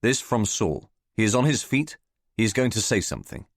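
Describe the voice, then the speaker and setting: Man, audiobook narration, first person, low, lively pitch, dry. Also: brisk, dry recording.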